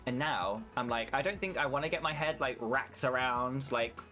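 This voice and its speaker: A man's voice: mid-range voice, moderate pace, sharp tone, soft background music. Chatty British man streaming a farming game. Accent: British English. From United Kingdom. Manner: chatty, swears freely, answers chat. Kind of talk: casual gameplay stream chat.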